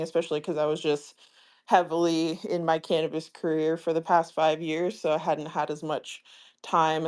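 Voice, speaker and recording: A woman guest with a notably low voice in a casual live-stream chat. She talks in a relaxed, rambling way, filling her sentences with likes and you-knows. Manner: relaxed, rambling, lots of fillers.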